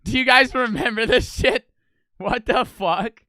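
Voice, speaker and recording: A young man casually reacting to old commercials, loud and ranting, with a lot of swearing. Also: very high voice, a little slow, a little hiss or hum.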